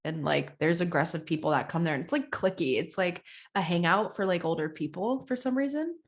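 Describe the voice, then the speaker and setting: A woman's voice: lowish voice, lively intonation, brisk. Young woman, teasing and blunt. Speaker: podcast co-host. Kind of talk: casual chat.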